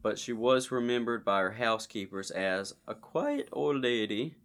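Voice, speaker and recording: A man's voice: medium pitch, big pitch swings, normal speed, a bit bright. A man co-hosting a casual true-crime podcast, reading a case aloud and joking with his co-host.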